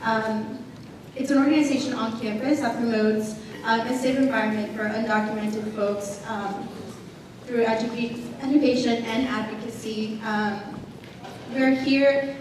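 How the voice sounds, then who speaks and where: A young woman in her twenties from a student group, speaking hesitantly with many fillers. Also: a little high. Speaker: student organization member. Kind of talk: short speech. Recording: echoey room from far off, noise.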